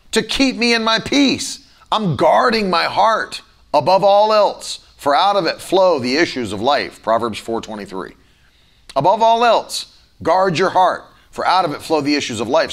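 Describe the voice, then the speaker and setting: Lively, gravelly-voiced male preacher. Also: on the high side. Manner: conversational preaching, acting out his own irritated inner voice. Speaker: pastor. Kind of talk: sermon.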